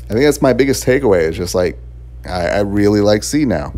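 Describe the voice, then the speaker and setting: A man's voice: lowish voice, animated, fairly quick, warm tone. A man giving a casual, rambling spoken review of a video game, chuckling often between thoughts. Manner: rambling and chatty, laughs often, fillers and restarts.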